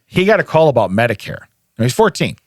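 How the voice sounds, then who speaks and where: Easygoing middle-aged male host, anecdote teller, average pitch, dry studio sound. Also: big pitch swings, fast talker, no room sound. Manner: easygoing storyteller, acts out quotes. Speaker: podcast host. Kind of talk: casual chat, anecdote telling.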